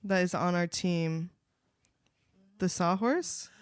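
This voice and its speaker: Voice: mid-range voice, slow, smooth, no room sound, studio quality. A podcast co-host reacting to a story recap with questions, swearing and laughter. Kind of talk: casual book recap chat.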